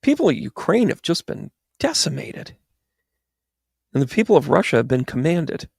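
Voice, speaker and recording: A man's voice: a little high, big pitch swings, normal speed, vocal fry, darkish tone, breathy edge, dry recording, clean studio sound. A man giving a rambling, exasperated political commentary monologue with sarcastic asides. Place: New York.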